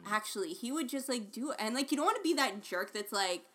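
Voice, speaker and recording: A woman chatting casually in a group conversation, telling a story with animated energy. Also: fairly high pitch, fast talker.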